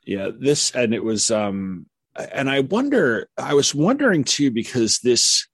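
A man's voice: mid-range voice, sing-song, a little slow, breathy edge, no echo. A man co-hosting a casual podcast about a sitcom, rambling with many restarts and fillers. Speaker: podcast co-host.

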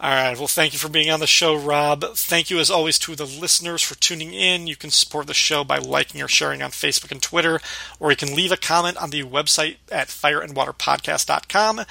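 A man's voice: a little high, steady tone, a little fast, creaky, pushed and bright, soft background music. A man hosting a podcast in casual chat, laughing as he retells scenes. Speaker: podcast host.

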